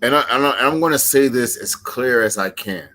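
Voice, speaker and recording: A man's voice: medium pitch, expressive, brisk, bright, forceful tone. A man cutting a wrestling promo, intense and emphatic, repeating lines for effect.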